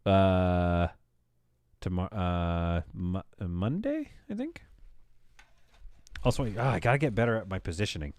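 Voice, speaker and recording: Rambling thirties male streamer, deep voice, dry and close. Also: big pitch swings, measured pace, pauses often, darkish tone, smooth, dry recording. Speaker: live streamer. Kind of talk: casual live-stream chat while building.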